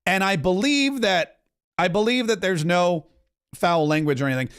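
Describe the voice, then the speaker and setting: A man's voice: high voice, normal speed, fairly bright tone, clean tone. A man hosting a political commentary podcast, talking in a joking, rambling way with chuckling asides. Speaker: podcast host.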